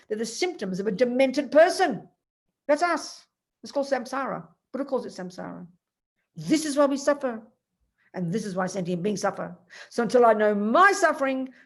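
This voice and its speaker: A woman teaching Buddhist philosophy in an emphatic, animated way, telling stories and addressing her students by name. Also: a little high. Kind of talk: Dharma teaching.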